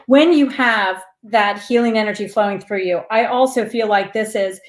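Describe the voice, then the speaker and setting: A woman's voice: mid-range voice, normal speed, roomy sound. A woman hosting a spiritual live stream, chatting with viewers in an earnest, rambling way and laughing often.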